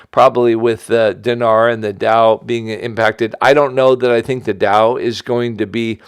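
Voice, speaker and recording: A middle-aged man from the United States gives a casual monologue as host, wandering through thoughts with frequent restarts. His voice sits at a mid pitch and sounds smooth and clean. The recording is dry and close, with no room sound. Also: dry recording. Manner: rambling, with many restarts and asides. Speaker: host giving an investment update.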